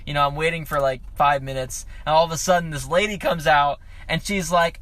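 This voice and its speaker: A young man who drives for food delivery, telling a profane, animated story about a late-night drop-off, recorded on a handheld phone outdoors at night. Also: on the high side, a little fast, hardly any pauses. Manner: profane, animated retelling with laughs. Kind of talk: casual storytelling vlog. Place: outdoors at night near apartment buildings.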